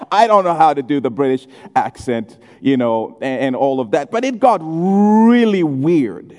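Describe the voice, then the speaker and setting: A man preaching a sermon in a church hall, telling stories with humor and doing quick impressions. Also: fairly high pitch. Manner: humorous, animated storytelling with impressions. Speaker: pastor. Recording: echoey hall.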